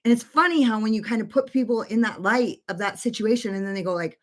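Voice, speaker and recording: A woman's voice: a little high, fast talker, hardly any pauses. Woman, 40s, makeup streamer; casual, rambling, profane chat from her bedroom. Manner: rambling, filler-heavy, swears freely. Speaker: makeup livestreamer.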